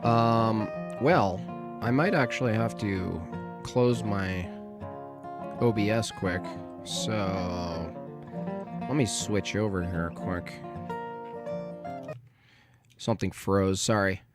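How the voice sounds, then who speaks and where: Low-voiced joking man on a livestream. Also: takes it slowly, pauses often, music in the background. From Canada. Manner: rambling, joking, talking to chat while fixing his stream. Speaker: livestream host. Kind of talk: casual livestream chat.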